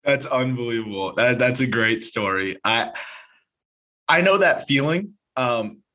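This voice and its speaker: A man's voice: medium pitch, animated, measured pace, bright, forceful tone. A man hosting a casual interview, upbeat and laughing often as he asks quiz-style questions. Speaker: host, interviewer.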